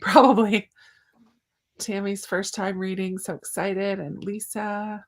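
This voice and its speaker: A woman's voice: mid-range voice, little pitch movement, slow. A woman hosting a live book discussion over a video call, welcoming viewers in an eager, chatty way with plenty of fillers. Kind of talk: casual live-stream chat.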